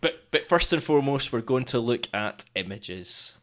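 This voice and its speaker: Male co-host, lively storyteller, voice swings up and down. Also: mid-range voice, normal speed. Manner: animated storyteller, acts out quoted people. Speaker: podcast co-host. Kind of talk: casual chat.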